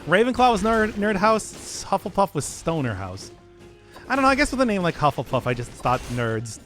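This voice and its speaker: A man's voice: high voice, very animated, normal speed, a bit bright, soft background music. A man streaming a game, rambling in casual commentary and laughing at his own jokes.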